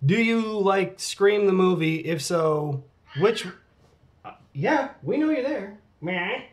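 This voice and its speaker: A man's voice: high voice, lively intonation, slow pace. Laid-back man reading fan questions aloud. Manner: laid-back and candid, swears casually, mock-dramatic asides. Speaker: vlogger answering fan questions. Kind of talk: casual chat, reading out comments.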